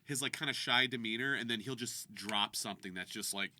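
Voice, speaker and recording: A podcast co-host who is a voice actor and director chats casually, telling stories and doing the voices of people he quotes. His mid-range voice is bright, forceful and brisk.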